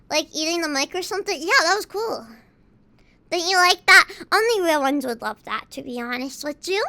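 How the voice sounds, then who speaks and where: A woman streamer chatting casually with her viewers from a home setup on a desk mic, rambling, teasing and dramatic, swinging between loud and quiet. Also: very high-pitched, normal speed. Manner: rambling, playful and teasing toward chat. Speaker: VTuber streamer.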